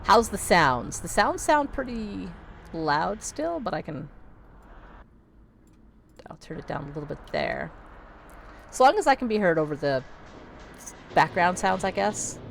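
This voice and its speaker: A woman's voice: on the low side, very animated, measured pace, vocal fry, long pauses, a little hiss or hum. A woman streaming a horror game live, joking and reading the dialogue aloud in a playful way. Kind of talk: casual live gameplay commentary.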